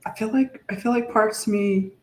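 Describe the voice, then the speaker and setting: A woman's voice: medium pitch, darkish tone. Reflective woman in an echoey room. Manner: reflective, halting, searching for words. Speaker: podcast co-host. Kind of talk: casual heartfelt conversation.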